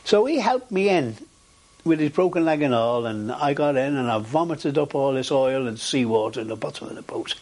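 An older man with a husky voice, recounting his experiences in a recorded interview with frequent hesitations. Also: mid-range voice, normal speed. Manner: animated storytelling with frequent hesitations. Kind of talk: oral history recollection.

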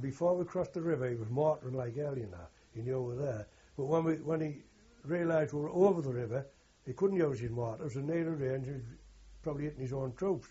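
An older man tells a long oral-history story in a rough, earthy and rambling way, often stopping to correct himself. His voice is dark and very husky. The recording is dull and lo-fi. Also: on the high side. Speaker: war veteran interviewee.

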